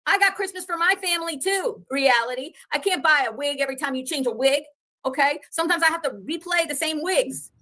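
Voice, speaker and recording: A woman's voice: sits high, brisk, sharp tone. A woman hosting drama commentary, ranting with scorn and sarcasm at people she names, swearing casually. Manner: scornful, sarcastic, addresses rivals directly.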